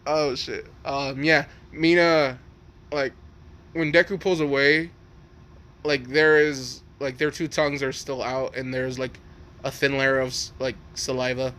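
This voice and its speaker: A man's voice: mid-range voice, little pitch movement, a little slow, fairly bright tone. A man casually telling an improvised fan story, rambling and profane, full of likes and restarts.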